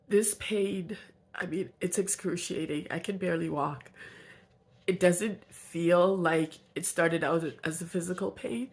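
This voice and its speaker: Woman vlogger, deep raspy fry, congested from a cold, earnest reflective diary tone. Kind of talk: video journal.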